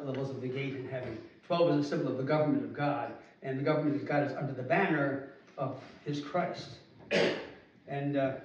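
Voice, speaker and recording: A male pastor preaching a sermon, moving from quiet explanation to loud, fervent proclamation, recorded from a distance in a church. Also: mid-range voice, dull audio, slight background noise. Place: church sanctuary. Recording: distant mic in a very echoey church.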